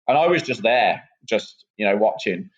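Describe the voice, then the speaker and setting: A man's voice: on the low side, normal speed. Englishman rambling through a lo-fi chat. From England. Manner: relaxed, rambling, many ums and restarts. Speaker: wrestler, guest. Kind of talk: casual podcast interview. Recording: muffled lo-fi sound.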